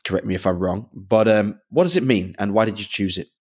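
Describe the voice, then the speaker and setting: A man's voice: on the low side, fairly quick. A man hosting a podcast who is a native English speaker, chatty and upbeat, asking long leading questions. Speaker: podcast host. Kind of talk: casual podcast interview.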